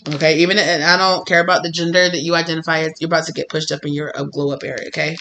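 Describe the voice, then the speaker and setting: Chatty tarot reader, bright voice, laughs a lot, acts out little scenes. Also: mid-range voice, racing, a little hiss or hum. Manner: animated, laughing, acts out quotes. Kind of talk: casual spiritual reading.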